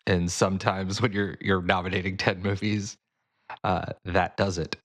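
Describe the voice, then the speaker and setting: A man co-hosting a film podcast, speaking in a measured, hedging way with dry humor. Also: deep voice, flat delivery. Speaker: podcast co-host. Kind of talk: casual film discussion.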